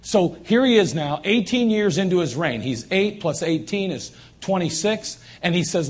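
A man's voice: high voice, lively intonation, normal speed, few pauses, husky. A man preaching a sermon as pastor in a church, emphatic and repeating his phrases for stress. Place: church sanctuary.

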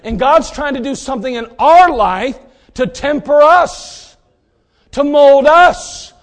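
A man delivering a sermon in a dramatic way, swinging between loud bursts and hushed asides. His voice sits high and moves with lively, wide swings of pitch. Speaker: preacher.

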